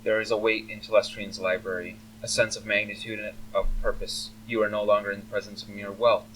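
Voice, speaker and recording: A man's voice: fairly low pitch, little pitch movement, fairly quick, a bit bright, a little hiss or hum. A man reading a role-playing game's text aloud, with casual, chatty asides between passages. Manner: plain narration broken by chatty asides. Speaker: game player reading aloud. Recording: faint humming, slightly distant mic.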